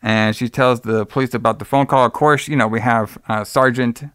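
Speaking at normal speed with fairly even intonation, a man with a mid-range, slightly bright, clear and resonant voice co-hosts a casual podcast. The studio-quality audio has no room sound as he rambles through a horror film, swearing freely and acting out the characters' lines.

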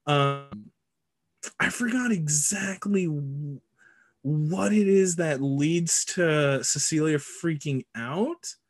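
A man co-hosting a casual movie podcast, recapping scenes in a lively, joking way with frequent laughs and casual swearing. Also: a little high, takes it slowly. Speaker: podcast co-host.

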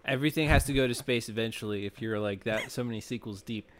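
A man co-hosting a casual film podcast, rambling and animated, with lots of filler words. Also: fairly low pitch, fast talker. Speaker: podcast co-host.

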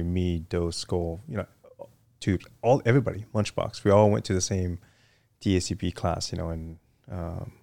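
A man's voice: sits low, creaky, darkish tone, no room sound. A middle-aged man, a guest in a casual interview, telling stories with lots of fillers and restarts. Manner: rambling, many fillers and restarts. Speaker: guest, retired Marine officer.

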